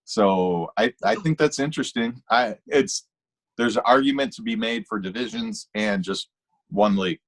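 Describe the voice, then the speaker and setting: A man's voice: medium pitch, normal speed, creaky. A man co-hosting a casual fantasy football podcast, rambling and restarting his thoughts as he argues a point. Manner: rambling, self-interrupting, animated. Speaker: podcast co-host.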